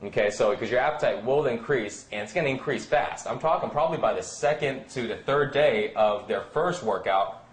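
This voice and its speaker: A man's voice: mid-range voice, normal speed, hardly any pauses. Man, fitness coach, casual chat, lots of fillers, roomy echo. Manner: rambling, many fillers, acts out quoted friends. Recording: echoey room.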